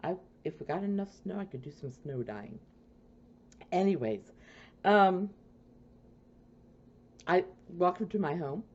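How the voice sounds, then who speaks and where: A woman's voice: deep voice, darkish tone, muffled recording, slight background noise. A woman hosting a casual podcast from her home, chatty and rambling, often sidetracked. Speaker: podcast host.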